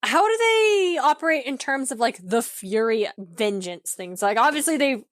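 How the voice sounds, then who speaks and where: Higher-pitched woman, dry close sound. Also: expressive, moderate pace, no echo. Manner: brief reactions, amused listening. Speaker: podcast co-host. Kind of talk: casual chat.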